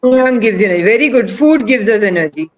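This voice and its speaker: A woman's voice: on the high side, lively intonation, quick pace, muffled recording. A woman leading an online session, asking the audience questions and praising their answers. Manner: asks the audience questions, coaxing and encouraging. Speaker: webinar presenter. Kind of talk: interactive online teaching talk.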